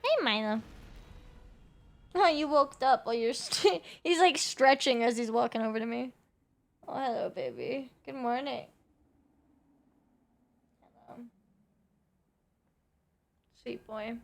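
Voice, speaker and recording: A woman's voice: on the high side, unhurried, long pauses. A young woman streaming a game from home, chatting casually and cooing baby talk at her cat. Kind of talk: casual live-stream chat.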